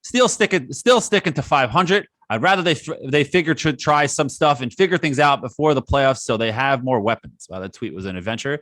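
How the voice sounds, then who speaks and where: Relaxed male podcast host, dry sound. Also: mid-range voice, brisk, few pauses, no room sound. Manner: relaxed, laughs often, reads out listener tweets. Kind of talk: casual chat.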